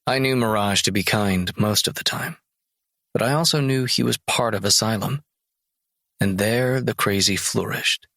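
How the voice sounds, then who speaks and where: A man's voice: lowish voice, normal speed, gravelly, a bit bright, no room sound. A man narrating an audiobook in first person, dry and sardonic.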